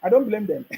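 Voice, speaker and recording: Brief: Nigerian man, very high voice, scolding political commentary, laughs often. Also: a little mellow, poor audio. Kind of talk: ranting monologue.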